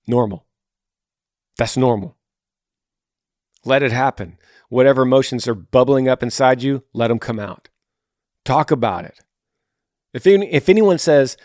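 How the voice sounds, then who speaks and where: A man's voice: mid-range voice, a little mellow, no echo, studio quality. A man hosting a podcast, giving earnest, encouraging advice in a casual way and often repeating his points.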